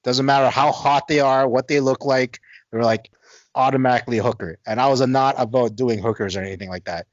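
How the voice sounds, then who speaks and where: A man's voice: mid-range voice, fairly even intonation, fairly quick, no room sound, dull audio. Rambling, laughing man telling a story. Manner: rambling, laughing, lots of "like" and repeated words. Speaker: podcast co-host. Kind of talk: casual storytelling chat.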